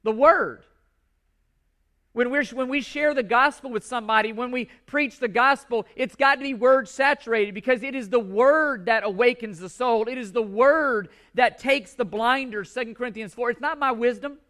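High-voiced man preaching emphatically. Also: normal speed, hardly any pauses, a bit bright. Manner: emphatic, repeats key words for stress. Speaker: pastor. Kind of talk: sermon.

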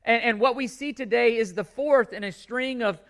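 A man's voice: very high voice, normal speed, fairly bright tone. A male pastor delivering a sermon to his congregation in a church, emphatic and repeating key words for stress.

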